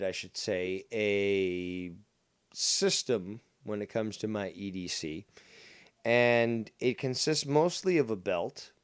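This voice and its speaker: A man's voice: lowish voice, clear, resonant tone, dry recording, studio quality. A man with a Canadian accent, a podcast guest rambling through casual chat with plenty of ums, restarts and the odd swear.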